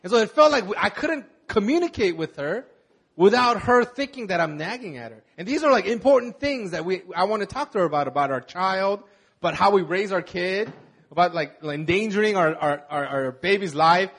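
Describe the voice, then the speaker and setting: A young adult man, a pastor, giving a conversational sermon and telling candid personal stories in a halting way. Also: high-pitched, animated, fairly bright tone, breathy edge.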